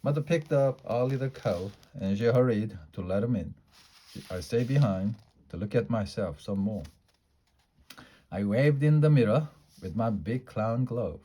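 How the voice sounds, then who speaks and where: A man reading a children's storybook aloud in a lively, playful way. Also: fairly low pitch, unhurried, slightly rough. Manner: lively, playful character voices in a child's first-person story. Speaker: storybook reader.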